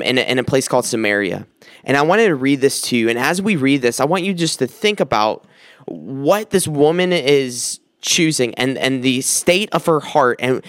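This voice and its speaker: A man's voice: medium pitch, fairly bright tone, no room sound, studio quality. A man preaching a sermon in an earnest way, repeating words for emphasis as he builds toward his point. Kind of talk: sermon with scripture reading.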